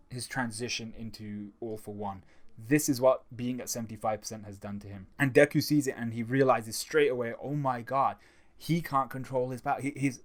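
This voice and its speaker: A man talking through a manga chapter in a casual, chatty review, getting excited and often restarting his sentences. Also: mid-range voice.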